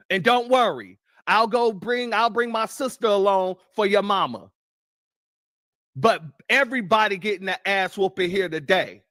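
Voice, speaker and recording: A man's voice: high voice, normal speed, pushed and bright, dry recording, clean studio sound. A man from the United States hosting a news commentary show, talking bluntly and profanely and telling stories from his childhood. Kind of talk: casual commentary.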